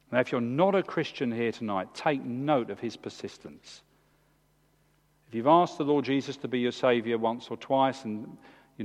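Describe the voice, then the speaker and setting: A man, preaching a sermon in a church with emphatic, animated delivery. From England. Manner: animated, emphatic preaching with big swings in pitch. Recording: long hall reverb.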